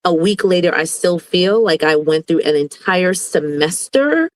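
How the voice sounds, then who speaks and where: A woman's voice: on the low side, expressive, measured pace, dry recording, rough recording. A woman educator from Brooklyn talks as a guest on an online panel. She speaks earnestly and effusively, full of gratitude, in a dry, close recording. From Brooklyn, New York. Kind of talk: casual video call chat.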